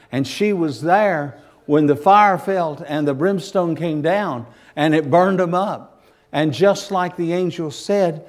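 A man. He preaches fervently and dramatically, dropping to hushed asides and then rising into shouted warnings. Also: a little high. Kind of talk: sermon.

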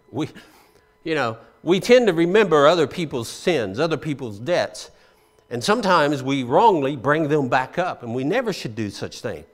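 Male pastor, sermon delivery, high, very expressive voice, conversational teaching style. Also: normal speed. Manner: dynamic preaching, swinging from loud emphasis to hushed asides; explains scripture conversationally, asking the congregation questions.

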